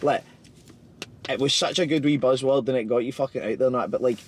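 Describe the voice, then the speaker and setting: A Scottish man hosting a casual podcast interview, talking in an animated, sweary, chatty way from inside a car. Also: medium pitch, fast talker, a little hiss or hum. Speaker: podcast host.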